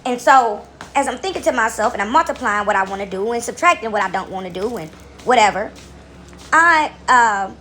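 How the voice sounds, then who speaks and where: A woman's voice: on the high side, animated, fairly quick, bright, forceful tone, soft background music. A woman telling a long, rambling story to her camera from her couch at home, repeating words and checking in with "right?" as she goes. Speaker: vlogger.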